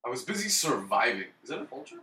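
A young man on a gaming podcast, relaxed and easily amused, muttering as he plays. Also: medium pitch, fast, far from the mic. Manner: laid-back, laughs easily, mutters while playing. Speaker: podcast co-host. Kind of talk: casual gaming chat. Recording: roomy echo, off-mic.

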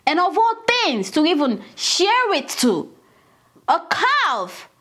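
Woman preacher, casual sermon, high lively voice, chatty and direct with listeners. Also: takes it slowly.

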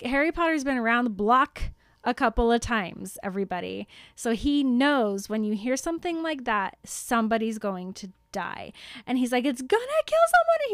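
A woman's voice: a little high, clear, resonant tone, no echo, studio quality. A young woman co-hosting a podcast, recapping a book chapter in casual chat with lots of giggles and "like". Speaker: podcast co-host.

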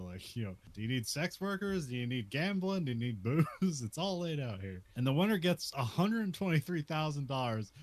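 A man casually recapping a western movie scene by scene, laughing often and filling his talk with "like". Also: medium pitch. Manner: laughs often, many "like" fillers.

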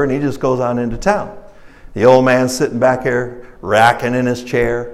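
A man's voice: mid-range voice, fairly even intonation, normal speed. A man preaching a recovery sermon in a conversational, folksy storytelling style, rising in emphasis and acting out the characters in his stories. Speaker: pastor leading a recovery ministry.

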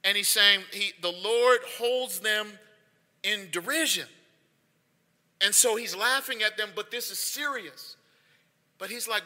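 High, bright-voiced male pastor preaching. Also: a little slow, long pauses. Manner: conversational preaching, rising to emphatic repeats. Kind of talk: sermon. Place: church sanctuary. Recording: long hall reverb.

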